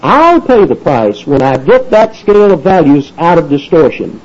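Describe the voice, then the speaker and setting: A husky, mellow-toned man with a drawl preaches with a folksy, animated delivery and acts out the people in his story. His pitch rises and falls a lot. The recording sounds dull and lo-fi. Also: normal speed. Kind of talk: sermon.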